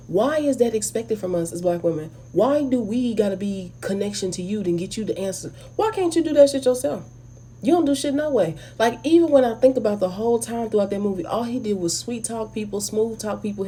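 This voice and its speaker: Blunt woman with a husky, mellow voice. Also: on the high side. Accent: African American English. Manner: blunt, animated, talks straight to viewers. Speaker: video host. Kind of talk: casual opinionated movie review.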